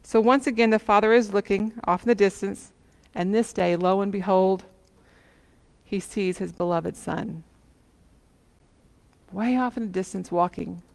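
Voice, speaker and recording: A woman preacher retells a parable at a mid-range pitch, steady and earnest, often turning questions to her listeners. Her voice carries a long hall reverb. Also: measured pace, vocal fry, long pauses. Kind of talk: sermon.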